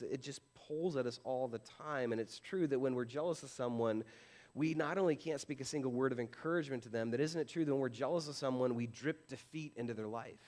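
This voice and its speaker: A man preaching in a church, talking to his congregation in a casual, conversational way. He pokes fun at himself and keeps asking rhetorical questions, in a voice of ordinary pitch for a man. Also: darkish tone. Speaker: pastor. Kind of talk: sermon. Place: church sanctuary.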